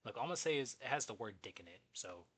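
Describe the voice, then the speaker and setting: A young man with a husky, breathy voice tells a story in casual vlog fashion. He is animated and profane, and he keeps jumping into side remarks before getting back on track. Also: mid-range voice, racing. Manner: animated, profane, jumps between asides. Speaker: vlogger.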